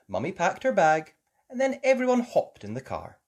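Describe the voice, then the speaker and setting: A woman reading a children's storybook aloud, very expressive. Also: on the low side. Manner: very expressive, slow, lilting. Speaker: story reader.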